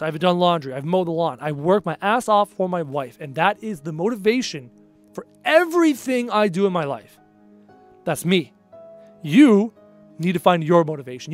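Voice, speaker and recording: A young man chatting casually on a live stream, answering chat bluntly and repeating phrases for emphasis. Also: high voice.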